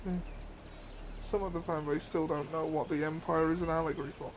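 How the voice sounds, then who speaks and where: A man's voice: on the high side, level tone, brisk, slight background noise. A man chatting casually on a gaming stream, laughing easily and swearing offhand. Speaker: streamer co-host.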